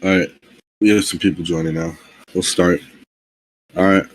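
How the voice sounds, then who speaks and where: A man's voice: deep voice, steady tone, fairly quick, breathy edge, rough recording. A man hosting a live stream, laid-back and hesitant, with plenty of ums between phrases. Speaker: stream host.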